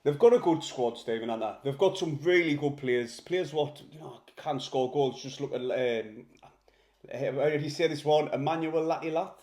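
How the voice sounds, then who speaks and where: A man's voice: fairly high pitch, normal speed, darkish tone, roomy sound. A man, co-hosting a casual football chat and often checking in with his co-host. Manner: conversational, checks in with questions.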